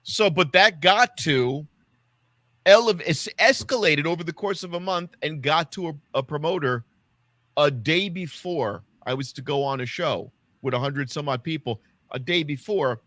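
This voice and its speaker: A man on a casual podcast tells stand-up stories with lots of animation, acting out the people in them. His voice is bright and sits a little high. The sound is close and dry, with almost no room. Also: moderate pace, no echo. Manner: animated storyteller acting out quotes. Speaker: podcast co-host and stand-up comic.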